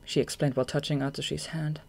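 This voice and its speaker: A narrator reading a fan audiobook in an even, measured way. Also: medium pitch, vocal fry, breathy edge.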